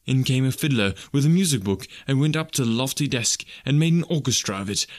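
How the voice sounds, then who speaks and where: A man's voice: medium pitch, lively intonation, a little fast, no room sound, clean studio sound. Man reading a classic story aloud. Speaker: narrator. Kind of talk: audiobook narration.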